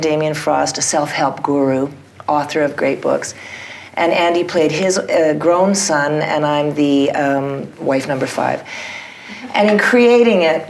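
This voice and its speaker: Low-voiced, animated woman theatre director. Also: slight background noise. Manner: animated, self-deprecating, frequent restarts. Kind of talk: conversational interview answers.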